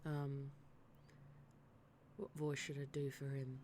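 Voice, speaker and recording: A woman streamer chats her way through a cozy game, rambling and poking fun at herself as she plans character voices. Her voice is low and gravelly, unhurried, over a faint hiss of background noise. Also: level tone, mellow. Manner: chatty, self-deprecating, thinking aloud. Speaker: live-streamer. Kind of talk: casual gaming stream chat.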